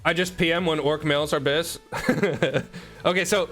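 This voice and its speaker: Young male streamer, slightly high, bright voice, rambling jokey chat. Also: steady tone, a little slow, soft background music. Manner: joking, teasing chat, rambling asides. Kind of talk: casual live-stream chat. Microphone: desk microphone.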